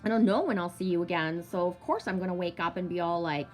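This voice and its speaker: A woman in her thirties talks quickly in a lowish voice, vlogging a long personal story with free swearing and many fillers. Soft music plays underneath this casual monologue.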